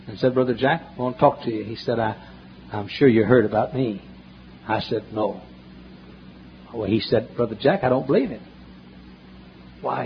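A man preaching a sermon, telling folksy stories and swinging between loud emphatic questions and hushed asides, in a church. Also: mid-range voice, a little hiss or hum. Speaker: pastor. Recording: dull lo-fi sermon recording, faint ambience.

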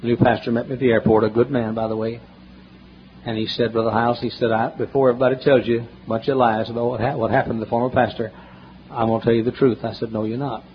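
A man preaching a sermon, telling folksy stories and swinging between loud emphatic questions and hushed asides, in a church. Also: medium pitch, flat delivery, fast talker, a little hiss or hum. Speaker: pastor. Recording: dull lo-fi sermon recording, faint ambience.

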